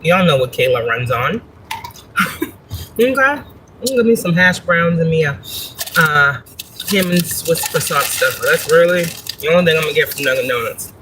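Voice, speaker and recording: A woman's voice: low voice, expressive, moderate pace, long pauses, background noise. A woman hosting a casual livestream from her parked car, chatting, swearing and laughing as she tells a story. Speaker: spiritual reader and livestream host.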